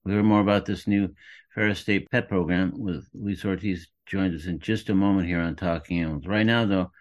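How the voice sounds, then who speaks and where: A man hosts a radio talk show in a low voice. He is measured and enthusiastic as he introduces segments and thanks guests. The sound is slightly muffled. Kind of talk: radio interview hosting.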